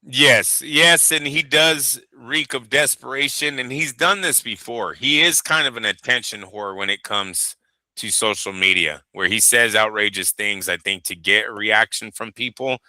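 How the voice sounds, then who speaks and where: A man's voice: mid-range voice, unhurried, pushed and bright, no room sound, rough recording. A man co-hosting a boxing talk show, giving blunt, emphatic opinions with swearing. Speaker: boxing podcast co-host. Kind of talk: casual chat.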